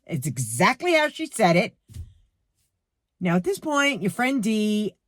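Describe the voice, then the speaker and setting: Retired New York woman in her sixties, vlog rant, lively pitch, dry sound. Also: unhurried, no echo. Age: 60s. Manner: indignant, animated, acts out quotes. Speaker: vlogger. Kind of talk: storytime rant to camera. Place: her garage. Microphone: camera.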